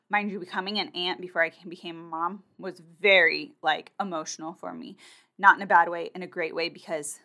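A young woman vlogger telling her birth story in a casual, animated way, acting out quotes and filling her talk with "like". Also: lowish voice. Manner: animated, acts out her own and others' quotes, many fillers like "like".

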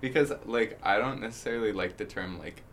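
A man's voice: on the low side, a little fast, a little hiss or hum. A young man co-hosting a student podcast, chatting casually and rambling with constant fillers. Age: young adult. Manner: rambling, peppered with "like", bursts into loud laughter. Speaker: co-host.

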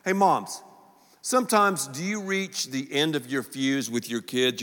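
A male pastor preaching a sermon in a joking, animated way, full of quick asides, in a large church auditorium. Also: medium pitch. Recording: long reverb of a large hall.

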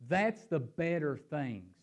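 Animated male preacher, fairly high voice. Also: slow pace. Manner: animated, rising and falling emphasis; repeats words as he thinks aloud. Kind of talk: sermon with scripture reading.

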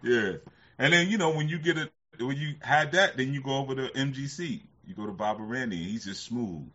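A man's voice: mid-range voice, fairly quick, bright, forceful tone. A man hosting a casual livestream who rambles, laughs often and uses a lot of fillers. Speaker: livestream host. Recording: slightly muffled lo-fi sound.

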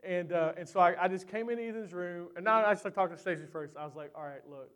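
A man preaching a sermon who tells a personal story in an animated, chatty way with lots of fillers, then closes in prayer. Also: sits high, quick pace, clear, resonant tone.

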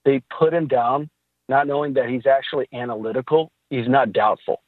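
A man tells faith stories in a relaxed, animated way, laughing as he goes. His voice is somewhat husky, and it comes through a narrow, tinny, phone-like line. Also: medium pitch, moderate pace, dry recording. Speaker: podcast guest. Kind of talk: casual faith talk.

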